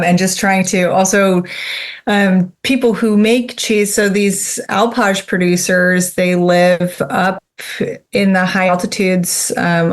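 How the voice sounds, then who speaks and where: Woman guest talking with many ums. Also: lowish voice. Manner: friendly, hesitant, lots of ums. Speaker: guest filmmaker. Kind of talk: casual interview chat.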